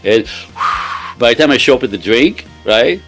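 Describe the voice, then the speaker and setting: A man's voice: medium pitch, expressive, moderate pace, a bit bright, faint music behind. A man working as a relationship coach, speaking as an interview guest. He explains with everyday examples, talks emphatically, and keeps checking in with "right?".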